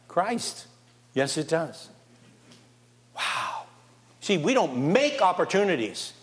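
A male preacher delivers an animated sermon, reading scripture aloud and firing questions at his listeners. His voice sits a little high for a man. The sound carries the long reverb of a large church hall. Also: slow pace. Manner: animated, asks the congregation questions. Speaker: pastor.

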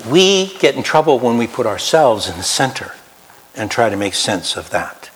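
A man preaching a sermon as pastor, swinging from loud emphatic highs to quiet low asides. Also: lively intonation, moderate pace. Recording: long hall reverb.

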